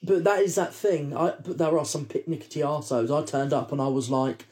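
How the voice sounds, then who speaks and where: Uk guy cohosting a chat, slightly high voice, swears a lot, animated. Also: quick pace, few pauses. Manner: animated, profane storytelling. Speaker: podcast co-host. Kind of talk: casual chat.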